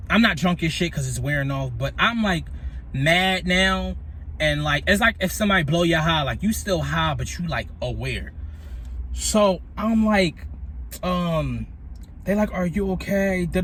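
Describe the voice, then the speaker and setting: A man telling a profane, animated story in a casual vlog at his workplace on a break, swinging between loud outbursts and mutters. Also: on the high side, a little hiss or hum.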